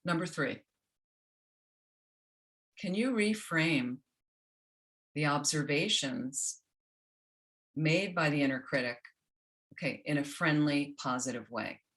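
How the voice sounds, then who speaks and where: A woman teaching a self-compassion workshop, gentle and instructional, often checking in with the group. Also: low-pitched, slow pace, long pauses. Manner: gentle, keeps checking in with "okay?".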